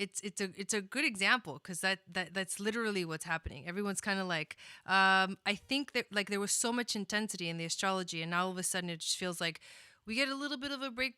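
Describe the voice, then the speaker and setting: A woman's voice: mid-range voice, bright, forceful tone, smooth, no echo, clean studio sound. A young woman hosting an astrology livestream, chatting in a rambling way, with lots of fillers, restarts and laughter as she greets viewers by name. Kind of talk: casual livestream chat.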